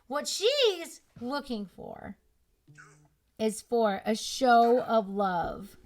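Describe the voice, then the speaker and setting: Young woman, bright higher voice, opinionated and explanatory commentary. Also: sing-song, drawn-out words. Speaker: relationship commentator. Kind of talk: reaction commentary on a clip.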